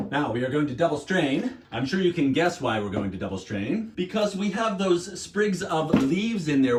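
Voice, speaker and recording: Man, Pittsburgh accent, middle-aged, lively swooping pitch, playful home bartending host. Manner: playful, theatrical, swoops up on counts and exclamations. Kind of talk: cocktail tutorial vlog.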